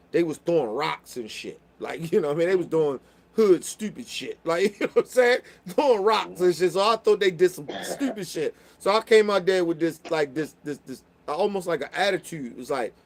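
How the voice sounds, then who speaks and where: A young man telling a story in casual chat, profane and animated, getting loud when riled up. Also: fairly high pitch, moderate pace. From Baltimore.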